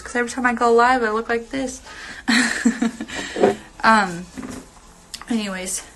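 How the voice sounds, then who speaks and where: A woman's voice: a little high, steady tone, measured pace, pauses often, fairly bright tone, slight background noise, poor audio. A young woman telling a long story on a phone livestream, rambling with lots of fillers and casual swearing. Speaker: reality TV personality on a livestream.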